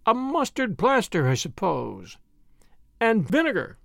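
A man reading the part of a mild, gently odd priest who turns quietly grave. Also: sits high, huge pitch swings, a little slow, vocal fry, no room sound, studio quality, voice pushed up, heavily acted. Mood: mild whimsical. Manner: vague, then quietly grave.

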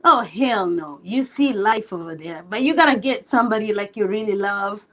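A woman's voice: medium pitch, moderate pace, highs cut off. A woman originally from Africa calling in to a live show, chatty, confident and candid. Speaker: caller.

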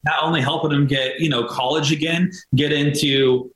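A man's voice: a little high, steady tone, moderate pace, few pauses, a bit bright, echoey room, poor audio. An American man, a veteran, talking in a heartfelt, rambling way with many fillers and restarts. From United States. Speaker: veteran and nonprofit co-founder, guest. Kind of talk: casual earnest interview talk.

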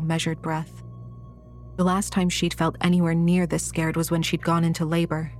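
A woman reading a horror audiobook in a measured, scripted narration style. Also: low-pitched.

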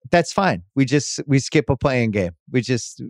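A man's voice: mid-range voice, expressive, unhurried, no echo, studio quality. A man hosting a sports podcast, casual and teasing, asking long rambling questions. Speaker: host.

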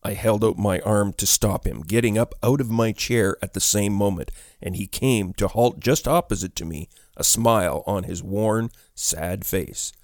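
Guy reading a ghost story, low voice, dry close sound, steady pace. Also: moderate pace, hardly any pauses, dry recording. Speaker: narrator. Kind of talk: scripted narration of a ghost story.

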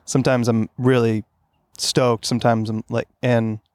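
A man co-hosting a podcast in casual chat, relaxed, with short reactions and reflective turns. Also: mid-range voice, normal speed, no echo, studio quality.

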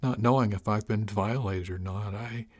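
A man voicing a quiet, troubled young crewman. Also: normal speed, breathy edge, no room sound. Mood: subdued. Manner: quiet, hesitant, low-spirited. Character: troubled young male crewman, subdued and withdrawn. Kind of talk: audiobook character voice.

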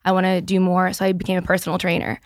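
A woman's voice: fairly low pitch, very fast, dry recording, studio quality. A woman in her thirties who talks openly in a casual podcast interview, often restarting her sentences. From Boston area. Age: 30s. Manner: candid and animated, with frequent restarts and "like". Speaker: guest, business founder.

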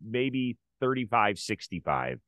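With a lowish, very animated voice, this middle-aged podcast host takes things slowly while leading a casual sports talk show, setting up topics and conversationally steering segments. The tone is a bit bright, and the recording is dry and studio quality.

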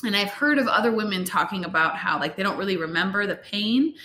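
A young woman casually and candidly telling a personal birth story, with frequent fillers and lively retellings. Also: medium pitch, quick pace, slight background noise. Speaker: vlogger sharing a birth story. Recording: roomy echo.

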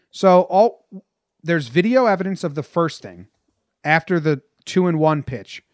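A man's voice: on the high side, normal speed, clean tone, no room sound, studio quality. A man reading a history passage aloud and breaking off into loose, casual comments as a podcast host.

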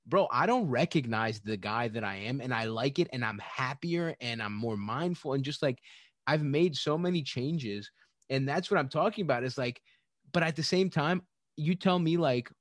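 A man chatting loosely on a podcast, swearing freely and laughing between thoughts. His voice sits at an ordinary middle pitch, and the sound is close and dry, with no room around it. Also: expressive, moderate pace, dry recording. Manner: chatty and profane, many fillers and laughs. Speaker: podcast guest. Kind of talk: casual podcast conversation.

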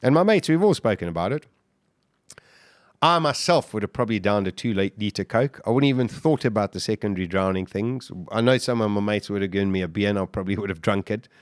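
A man's voice: fast talker, no echo, clean studio sound. Intense South African man telling a survival story. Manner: vivid, acts out shouts and quotes, voice jumps high when excited. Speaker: guest.

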